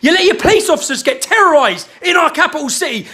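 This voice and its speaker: Man, angry shouted rant, very high pitch, sharp forceful tone. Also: expressive, a little fast. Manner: shouting, heated, swearing.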